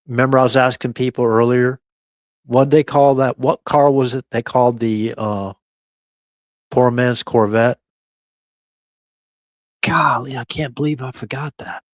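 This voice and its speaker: A man drifts through a late-night live stream at an unhurried crawl, musing half to himself and chuckling as he goes. His voice is close and dry, with no room around it, and the audio is a bit dull and lo-fi. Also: medium pitch, dry recording. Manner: keeps voice down at times.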